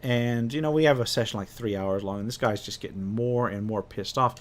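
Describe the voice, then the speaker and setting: A man's voice: mid-range voice, brisk. A man telling a tabletop game story as game master, casually and with many restarts, acting out his players' lines. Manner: rambling, many restarts, acts out players' voices.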